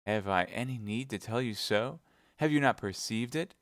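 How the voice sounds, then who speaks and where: A man reading aloud voicing a young swaggering swordsman in a gallant, emphatic tone with his pitch raised. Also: normal speed, a bit bright, no echo, clean studio sound, lightly acted. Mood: ardent. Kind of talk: audiobook reading live.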